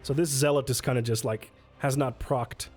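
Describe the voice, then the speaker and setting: A man at an ordinary middle pitch, streaming a solo tabletop game in a loose, chatty way. He reads rules aloud, mutters while moving pieces, and answers his chat between turns. Faint music plays softly behind him. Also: fairly even intonation, moderate pace, slightly rough. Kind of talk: casual livestream play-through.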